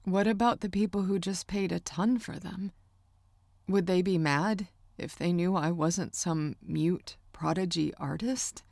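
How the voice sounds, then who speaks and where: Woman voicing a halting, anxious young artist. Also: lowish voice, gravelly, a little mellow, dry recording, clean studio sound. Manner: halting, strained and emotional. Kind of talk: audiobook character voice.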